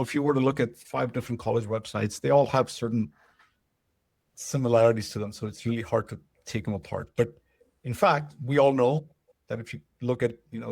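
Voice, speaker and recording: Gravelly man giving a casual webinar. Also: medium pitch, darkish tone, no echo. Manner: loose and conversational, many fillers and checks for understanding. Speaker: webinar presenter.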